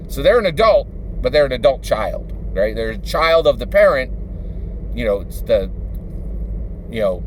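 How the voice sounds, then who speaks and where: A Philadelphia YouTuber and dungeon master rambles through a casual monologue full of fillers, tagging on "right?" again and again. His voice is on the high side, with a little hiss or hum in the recording.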